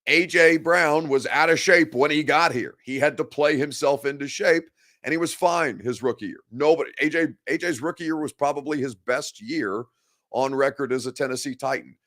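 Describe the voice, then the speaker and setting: A man's voice: on the high side, moderate pace, a bit bright. A man hosting a sports talk show, speaking bluntly and opinionatedly straight to his viewers. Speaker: sports podcast host. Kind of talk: live-streamed sports talk commentary.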